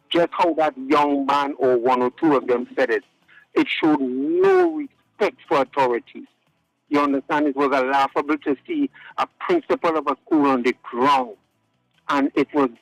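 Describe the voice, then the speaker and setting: Male caller, gravelly and a bit high-pitched, earnest and insistent, repeats words for emphasis. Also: no echo, poor audio. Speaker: radio call-in caller. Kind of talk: phoned-in opinion on a talk show. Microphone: phone line to radio studio.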